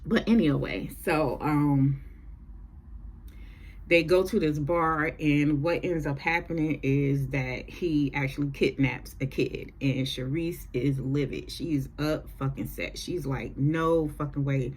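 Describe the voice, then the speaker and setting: A woman's voice: low-pitched, slow pace, breathy edge. A woman giving a casual, chatty TV episode recap, with profane, sassy asides. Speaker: TV recap vlogger.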